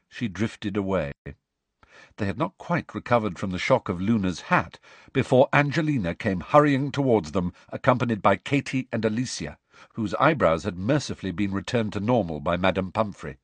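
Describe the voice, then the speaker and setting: Husky, animated male audiobook narrator. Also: on the low side, moderate pace, no room sound. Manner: animated, acts out the dialogue.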